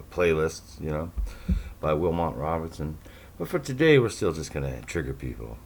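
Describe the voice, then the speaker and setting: A man's voice: extremely low pitch, creaky, darkish tone. A man hosting a casual monologue for his listeners, talking in a sarcastic, rambling way with mocking asides. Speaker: podcast host.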